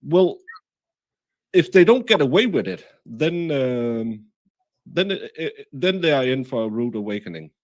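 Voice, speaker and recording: A man's voice: mid-range voice, big pitch swings, a little mellow, no room sound. Guy hosting a stream, lots of uhs, reads chat out, dry sound. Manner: halting, many fillers, reads chat comments aloud. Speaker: livestream host. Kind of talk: casual livestream chat.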